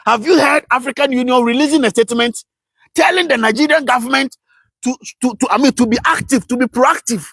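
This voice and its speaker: A man hosting a live political commentary stream, ranting passionately with rhetorical questions, swinging between shouts and low mutters. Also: breathy edge, no room sound.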